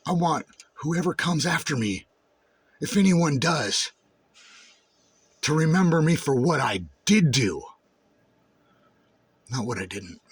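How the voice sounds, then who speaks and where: A man giving a raw personal monologue to camera, intense and full of swearing, dropping low and brooding, then rising to shouts. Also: lively intonation, slow, long pauses, breathy edge, no echo. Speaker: vlogger.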